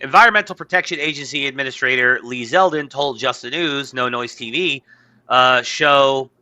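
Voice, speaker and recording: A podcast co-host with a very bright, sharp-edged voice talks casual politics, blunt and excitable, his pitch rising as he gets worked up arguing. Between rants, he reads news items aloud and stumbles over them.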